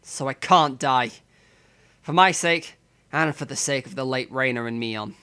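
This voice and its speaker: A man's voice: mid-range voice, measured pace, bright, forceful tone, clear, resonant tone. A male streamer reading a visual novel's text aloud with drama, breaking off for joking, profane asides.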